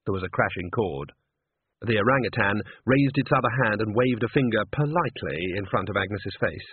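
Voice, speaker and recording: A man's voice: on the low side, lively intonation, a little fast, husky, dry recording. A man narrating a story in a dry, wry reading style. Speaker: audiobook narrator. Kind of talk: scripted narration. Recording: tinny narrow phone-like sound, dry.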